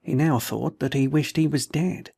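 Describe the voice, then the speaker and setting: A man reading a novel aloud in a steady, measured narration. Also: medium pitch, vocal fry, breathy edge, no echo, clean studio sound. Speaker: audiobook reader. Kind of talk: scripted narration.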